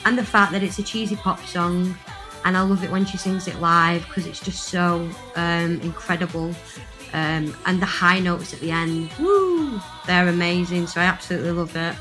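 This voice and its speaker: A woman's voice: on the low side, flat delivery, normal speed, bright, forceful tone, soft background music. A woman recording a chatty, gushing voice message, full of fillers. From northwest England. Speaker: listener sending a voice message.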